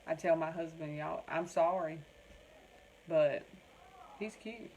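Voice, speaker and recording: With a deep, slightly mellow voice, a woman takes her time chatting on her craft livestream. She's from North Carolina, has a Southern American accent, and answers viewers' comments by name in a folksy way; the recording is rough, with slight background noise.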